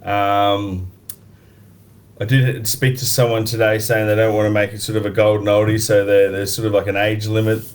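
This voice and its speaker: Laid-back lower-voiced man. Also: little pitch movement, normal speed. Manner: laid-back, cheeky, swears, slangy. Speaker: co-panelist. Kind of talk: casual banter.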